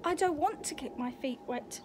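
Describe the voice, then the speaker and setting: A woman's voice: high-pitched, normal speed, background noise, pitched above the performer's own voice, close to an everyday voice. A woman voicing a timid young boy otter, anxious and whiny, in a children's storybook reading. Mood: frightened.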